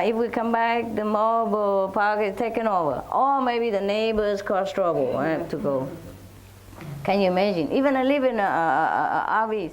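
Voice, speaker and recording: A woman telling rambling, animated stories in a casual way. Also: fairly high pitch, slight background noise, poor audio. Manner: rambling, animated, often laughing. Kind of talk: casual storytelling.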